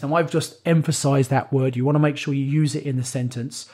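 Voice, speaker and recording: A man's voice: on the high side, normal speed, a little mellow, slightly rough. Persuasive man coaching investors. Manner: upbeat, persuasive, stepwise instruction. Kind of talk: instructional coaching talk.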